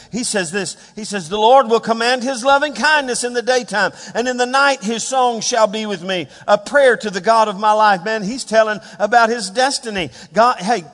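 A man preaching a sermon as pastor, dropping to hushed murmurs and rising to loud, fervent shouts of scripture. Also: high voice. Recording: long reverb of a large hall.

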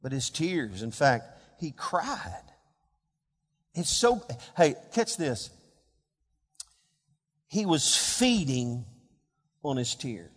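A man preaching a sermon as a pastor, swinging between hushed, quiet passages and louder emphatic ones. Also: a little high, big pitch swings, very slow, pauses often, big-room sound. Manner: dynamic preaching, dropping to hushed tones and rising for emphasis.

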